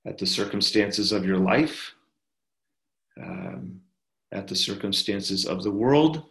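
A man giving a sermon as a pastor, talking in a slow, gentle, reflective way with many fillers and pauses. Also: lowish voice. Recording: echoey room.

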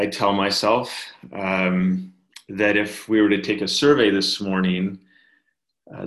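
Slow, low-voiced man preaching gently. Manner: slow, gentle, reflective with frequent fillers and pauses. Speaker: pastor. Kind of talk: sermon. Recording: echoey room.

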